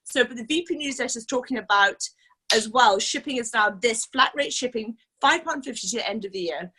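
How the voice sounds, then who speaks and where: Leading her team through a relaxed training talk, a woman speaks a little fast in a slightly high voice that's bright, forceful, and husky. She's chatty and eager, using lots of filler words.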